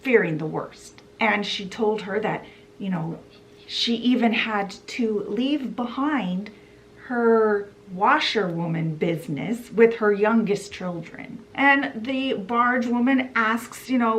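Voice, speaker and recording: A woman's voice: medium pitch, expressive, measured pace, a bit bright, a little hiss or hum. A woman hosting a book channel, retelling a classic story in a chatty, casual way. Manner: chatty, fills with "you know" and "he's like".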